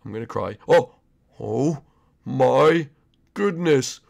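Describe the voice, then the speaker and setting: A man voicing an excitable, starstruck young male koopa prince in a Minecraft role-play, gushing and stammering. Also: medium pitch, slow pace, creaky, full character voice.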